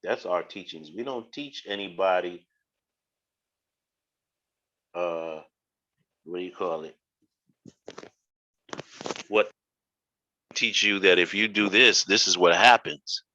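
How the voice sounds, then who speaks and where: A man's voice: deep voice, takes it slowly, long pauses, bright, forceful tone, low-quality recording. A man hosting a live stream, explaining his teachings in a blunt, casual way with rhetorical questions and swearing.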